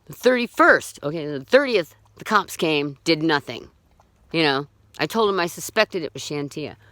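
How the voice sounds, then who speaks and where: A woman's voice: sits low, lively intonation, moderate pace, sharp tone, no room sound. A woman telling her own story in an unscripted way, blunt and profane, agitated and indignant, often restarting her sentences. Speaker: storyteller recounting own experience. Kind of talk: unscripted personal account.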